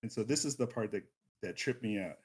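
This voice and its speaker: A man co-hosting a podcast, chatting in an animated storytelling way. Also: lowish voice, brisk, breathy edge. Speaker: podcast co-host. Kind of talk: casual chat.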